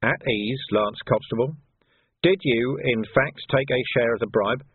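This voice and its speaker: A man doing Vimes, a gruff watch sergeant. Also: medium pitch, a little slow, no echo. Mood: brisk. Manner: curt, commanding, dry sarcasm. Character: gruff hard-bitten middle-aged male watch sergeant. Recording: tinny narrow audio, dry.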